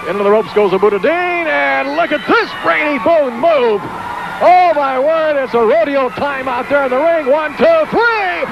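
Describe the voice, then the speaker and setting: Excitable high-voiced man calling wrestling. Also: lo-fi sound. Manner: excitable, exclaiming, hype-driven. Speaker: wrestling TV announcer. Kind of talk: excited play-by-play commentary. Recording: noisy 1980s TV broadcast.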